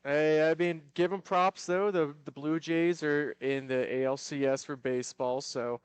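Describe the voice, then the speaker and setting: Higher, smooth-voiced man calling hockey. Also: a little slow, no echo. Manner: steady, explanatory, calls the action. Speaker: play-by-play commentator. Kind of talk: live hockey commentary. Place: ice arena broadcast.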